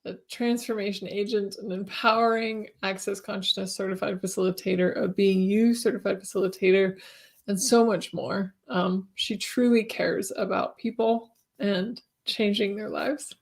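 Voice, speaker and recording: A woman hosting an interview over a video call, gentle and inviting, easily moved and laughing often. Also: mid-range voice, fairly even intonation, normal speed, vocal fry. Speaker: podcast host. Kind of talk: warm-hearted interview chat.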